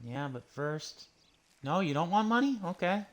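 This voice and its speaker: A man's voice: on the high side, very animated, moderate pace. A man streaming a western video game, chatting casually and thinking aloud while he plays. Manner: chatty, talks to himself while playing. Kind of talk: casual gameplay commentary.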